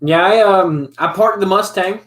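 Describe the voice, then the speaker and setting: A man's voice: high-pitched, measured pace, fairly bright tone. A man in his twenties chatting casually over drinks in a laid-back way, laughing often. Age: 20s. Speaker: host. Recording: echoey room.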